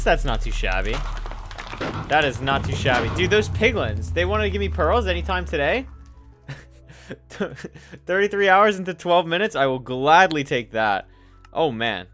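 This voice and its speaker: A man's voice: on the high side, animated, normal speed, a bit bright. A young man giving casual, chatty commentary over his own gameplay, rambling with restarts and self-deprecating asides. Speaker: gaming YouTuber. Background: faint background music.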